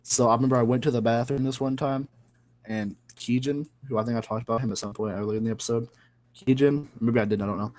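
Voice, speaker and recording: A man's voice: medium pitch, steady tone, fast talker, darkish tone. A young man co-hosting a podcast in casual chat, laughing easily and swearing loosely as he tells stories. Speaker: podcast co-host.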